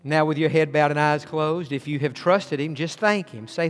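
A man with a high voice, preaching a sermon as pastor. He moves from ringing, emphatic declarations down to a hushed, slow voice while he leads a prayer. His voice rings with the long reverb of a large hall. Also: soft background music.

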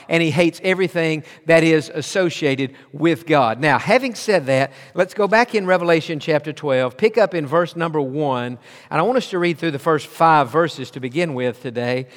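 A man preaching a sermon as pastor, emphatic and steady, telling his listeners to underline words as he reads aloud. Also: a little high, in a large hall.

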